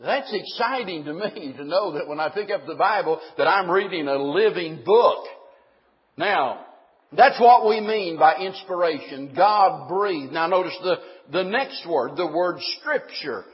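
A man's voice: high voice, a little slow, big-room sound, lo-fi sound. A man preaching a sermon, emphatic, putting questions to the congregation and answering them himself.

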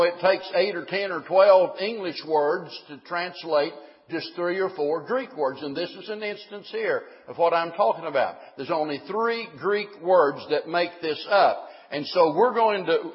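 A man preaches a sermon in a church, his voice sitting high for a man. He is emphatic and keeps asking the congregation questions, then answering them himself. The recording sounds dull and muffled, with a long reverb trailing off the walls. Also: expressive, unhurried.

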